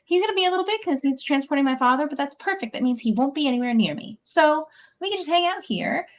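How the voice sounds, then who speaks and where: A woman's voice: high-pitched, animated, fast, pitched above the performer's own voice. A woman voicing a prim teenage noble girl who speaks with forced, overly polite cheer. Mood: giddy.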